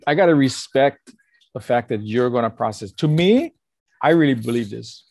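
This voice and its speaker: An older man talks as a pastor giving counsel, earnest and animated, slipping into acted-out quotes. His voice is gravelly and a bit husky, and it sounds dry and close to the mic. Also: medium pitch, moderate pace, no echo. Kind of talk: casual conversational counsel.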